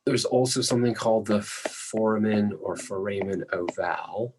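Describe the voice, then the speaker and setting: A male lecturer explaining anatomy patiently while drawing, often clearing his throat. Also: lowish voice, moderate pace, background noise.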